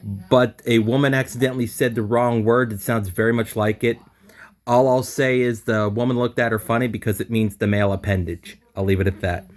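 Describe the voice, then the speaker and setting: A man as a language student on a video call, reading slowly, stumbling and correcting himself. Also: mid-range voice, fairly even intonation. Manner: hesitant, self-correcting, laughs at his own slips. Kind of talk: casual online lesson talk.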